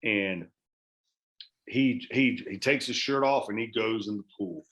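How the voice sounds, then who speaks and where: A man with a fairly low voice, talking loosely as a podcast guest. He rambles, restarts his sentences and swears freely in relaxed chat. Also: unhurried. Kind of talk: casual chat.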